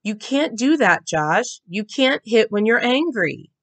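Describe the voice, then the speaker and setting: A woman voicing a stern mother who scolds in a sharp, firm voice. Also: fairly high pitch, expressive, unhurried, pitched above the performer's own voice. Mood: scolding.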